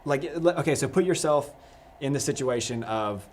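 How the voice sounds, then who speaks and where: A man's voice: mid-range voice, moderate pace. Young guy hosting a youth livestream, rambly, lots of likes and restarts, bit of background hum. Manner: relaxed, rambling, many restarts and "like". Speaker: youth pastor host. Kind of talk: casual live discussion.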